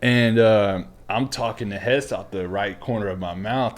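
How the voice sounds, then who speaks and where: In a lowish, unhurried voice with few pauses, a veteran podcast host spins stories in casual conversation, over a little hiss or hum. He curses freely, laughs a lot and goes hushed for his asides.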